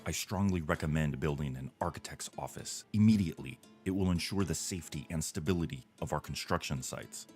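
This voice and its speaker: A stern Roman construction adviser with a very low voice, pressing his point with grave insistence. Soft game music plays under him. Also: brisk, few pauses. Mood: urgent. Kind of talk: video game voice acting.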